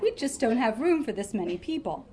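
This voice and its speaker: A woman's voice: on the high side, sing-song, brisk, dark tone. A woman reading a polite, firm shop assistant.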